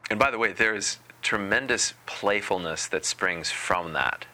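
A man giving a spiritual talk as a meditation teacher, unhurried and deliberate with a gently playful touch. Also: fairly low pitch.

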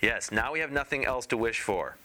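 A man's voice: medium pitch, lively intonation, brisk, sharp tone. A man voicing a meek, reluctant fisherman who pleads with his greedy wife in a storybook reading. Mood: pleading. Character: meek, fearful old fisherman, content with little.

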